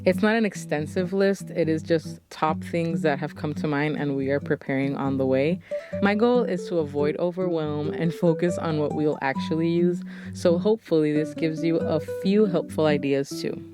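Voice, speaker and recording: A young woman, a stay-at-home mom, narrating her vlog in a soft, relaxed, chatty voiceover, a little out of breath. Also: sits low, normal speed. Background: guitar music.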